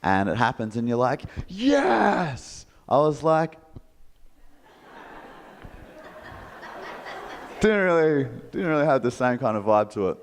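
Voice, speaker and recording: In an echoing hall, an Australian man with a mid-range voice tells a live audience a jokey story, speaking slowly with long pauses. This motivational speaker is animated, doing the voices of the people he quotes.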